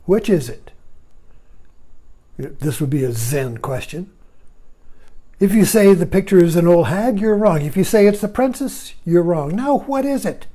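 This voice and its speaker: A man's voice: sits high, expressive, unhurried, long pauses, warm tone. A man giving a rambling, casual talk, chuckling often and breaking off mid-sentence. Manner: chuckling, digressive, self-interrupting. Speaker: speaker on Zen and irony.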